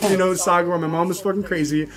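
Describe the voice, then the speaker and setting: A man's voice: high voice, steady tone, fast talker. A man casually telling rambling stories on a podcast, full of "like" fillers, acting out the people in them. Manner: rambling, heavy "like" filler, acts out voices in stories. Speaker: podcast co-host. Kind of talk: casual storytelling chat.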